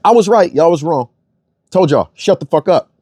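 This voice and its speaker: Heated, animated man ranting profanely. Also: on the high side, moderate pace, no room sound. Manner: repeats phrases for emphasis. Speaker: online commentator. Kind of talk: ranting monologue.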